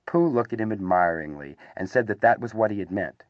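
A man reading a children's storybook aloud as narrator, in an animated, expressive way. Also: fairly low pitch, brisk, no echo, muffled recording.

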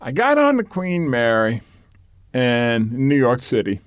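An older man recalls his youth in a relaxed oral history interview. He rambles, restarts and repeats words, with an occasional chuckle. The close, dry recording has almost no room sound, and his pitch is mid-range. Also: unhurried, no echo.

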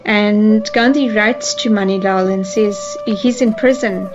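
A woman's voice: medium pitch, fairly even intonation, measured pace, highs cut off. A woman speaking as a historian in a documentary interview, explaining in a conversational way with many fillers and restarts. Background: music.

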